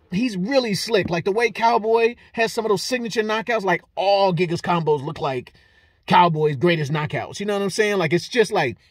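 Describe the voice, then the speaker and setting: A man giving a casual, animated fight breakdown, swearing freely and laughing often. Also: sits high, slightly rough, no echo, clean studio sound. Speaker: fight analyst vlogger.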